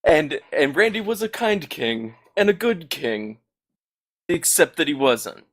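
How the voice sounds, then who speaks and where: A man narrating a comedic tabletop story as game master, halting and laughing at his own jokes. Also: a little high, big pitch swings, fairly bright tone.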